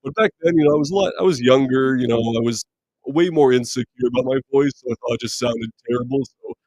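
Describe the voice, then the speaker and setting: A man with a deep voice hosting a live movie chat stream, talking casually and rambling with lots of fillers as he reads viewer comments. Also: fast, dry recording, low-quality recording. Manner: relaxed, rambling, many fillers and restarts. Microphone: streaming mic.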